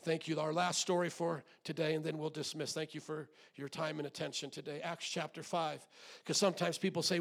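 A middle-aged man preaching a sermon in a church, swinging from hushed, low delivery to loud shouted exhortation and asking the congregation questions. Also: normal speed, gravelly. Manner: acts out quoted voices, asks the congregation questions. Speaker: pastor.

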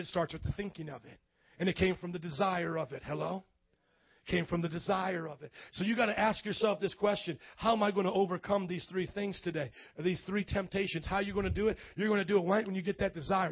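Male pastor, high-pitched, loud colloquial sermon delivery with shouted peaks, dull lo-fi recording. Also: breathy edge, no room sound. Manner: loud, preaching with rising shouts; casual, colloquial preaching with call-and-response asides. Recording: dull lo-fi audio.

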